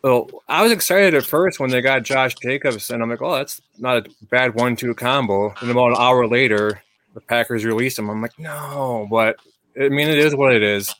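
Easygoing male interviewer, mid-pitched. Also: brisk, a bit bright. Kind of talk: casual interview chat.

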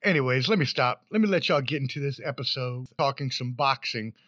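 A man hosting a casual sports podcast, animated and playful, with sudden loud bursts and fast rambling runs. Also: medium pitch, very noisy. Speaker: podcast host. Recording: dry, slightly muffled podcast mic.

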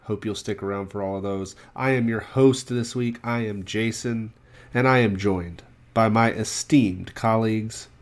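A man's voice: on the low side, steady tone, a little slow. A man hosting a casual podcast, chatty and a bit wry as he runs through the news. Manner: chatty, wry about price hikes. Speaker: podcast host.

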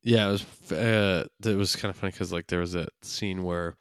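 A man's voice: low voice, fairly even intonation, normal speed, clear, resonant tone, dry recording, clean studio sound. A young man co-hosting a podcast, laid-back and swearing casually as he chats about a cartoon. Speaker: podcast co-host. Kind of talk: casual chat.

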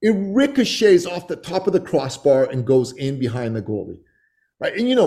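Man in his forties, podcast guest, mellow warm tone, animated, swears a lot. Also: fairly high pitch, a little fast. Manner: profane, animated storytelling. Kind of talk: casual podcast storytelling.

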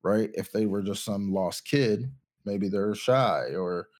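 Young guy with a lowish voice rambling on a podcast, lots of ums and restarts. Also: slow. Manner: rambling, many ums and restarts, thinking aloud. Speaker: podcast co-host. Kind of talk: casual chat.

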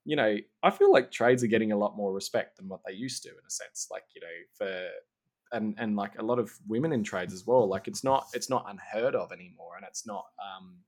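A man's voice: on the low side, a little fast, darkish tone. A man hosting a casual podcast interview. He rambles through lots of fillers and teases his guest playfully. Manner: rambling, heavy on fillers like "like" and "you know"; playful teasing. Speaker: podcast host.

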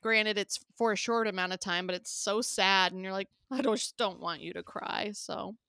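A young woman podcast co-host chatting casually and telling a story in an animated way, often laughing. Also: mid-range voice, normal speed, clear, resonant tone, no room sound, clean studio sound. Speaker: podcast co-host, new mother of two. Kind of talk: casual chat.

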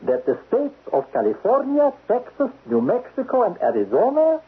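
A man playing a cold, menacing foreign spy chief in a 1970s radio drama, clipped and husky. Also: very high voice, huge pitch swings, moderate pace, full character voice. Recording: dull lo-fi radio broadcast.

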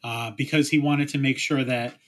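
A male podcast co-host talking casually, rambling and trailing off softly at the ends of thoughts. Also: mid-range voice, steady tone, normal speed. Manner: rambling, trails off quietly, acts out little quotes. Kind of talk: casual chat.

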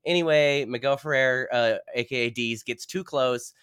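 Man, podcast co-host, casual profane chat, smooth resonant voice, dry close sound. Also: medium pitch, normal speed, a bit bright, no room sound. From New England. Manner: profane, blunt plot recap.

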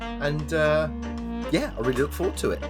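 A man co-hosting a podcast, telling a long joke in casual chat with lively storytelling. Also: moderate pace, loud music behind the voice. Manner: lively storyteller, swings pitch widely. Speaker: podcast co-host.

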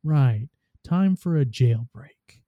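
A man's voice: medium pitch, animated, takes it slowly, dark tone, no echo, highs cut off. A man voicing a grumpy, scheming male ghost robot who snarls and talks curtly. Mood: grumbling. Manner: snarling, curt.

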